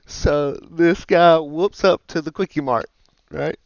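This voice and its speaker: A man's voice: fairly high pitch, slow, creaky, dry recording, muffled recording. A man co-hosting a casual comedy podcast, laid-back, recapping the story and asking questions. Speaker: podcast co-host.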